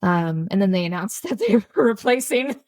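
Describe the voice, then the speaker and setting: A woman's voice: mid-range voice, expressive, moderate pace, darkish tone, no room sound. A woman co-hosting a podcast in casual chat, talkative and laughing often, drifting into tangents. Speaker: podcast co-host.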